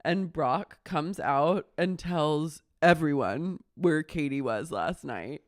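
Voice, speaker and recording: A podcast co-host chatting casually with wry, deadpan asides while recapping a reality show. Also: mid-range voice, slow, no echo, clean studio sound.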